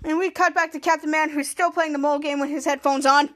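Podcast host, woman, high-pitched and bright, animated episode recap. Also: quick pace. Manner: animated retelling with many restarts, acting out the lines.

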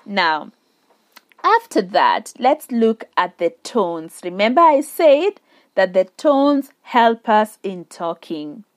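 A woman teaching a beginner Mandarin lesson, speaking slowly and deliberately and drawing out sounds to demonstrate them. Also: mid-range voice, sing-song. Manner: slow and deliberate, drawing out vowels and tones for demonstration. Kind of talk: slow spoken language lesson.

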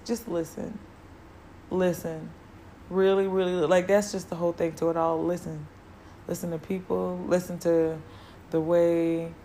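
Woman, podcast host, low-ish pitch, earnest, loose casual delivery, repeats words for emphasis. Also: dark tone, a little hiss or hum. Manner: loose and conversational with filler words. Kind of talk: casual solo podcast talk.

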